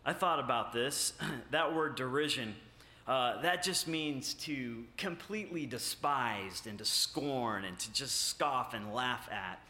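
A man preaching a sermon, halting with many filler sounds and restarts, then rising with emphasis on key points. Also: medium pitch, sharp tone. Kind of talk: sermon with scripture reading. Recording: echoey room.

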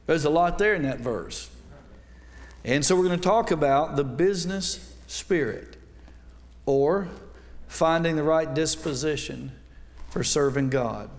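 In a church sanctuary, a middle-aged man with a North Alabama accent preaches a sermon as a visiting Baptist preacher, dropping folksy, joking asides. His voice sits on the high side, his pace is moderate, and the sound carries like a large hall.

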